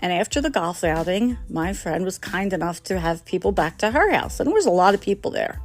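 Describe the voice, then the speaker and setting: A woman's voice: fairly low pitch, very animated, fairly quick, faint music behind. A middle-aged woman telling comic stories about her own mistakes, laughing at herself and acting out the people in them. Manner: self-mocking, laughing often, acting out quoted voices. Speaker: storyteller host. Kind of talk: casual comic storytelling.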